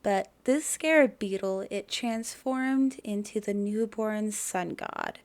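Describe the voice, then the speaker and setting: Slow, chatty woman explaining myths. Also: medium pitch. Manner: chatty asides addressed to the viewer; self-deprecating about pronunciation. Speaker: mythology channel host. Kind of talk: casual educational narration.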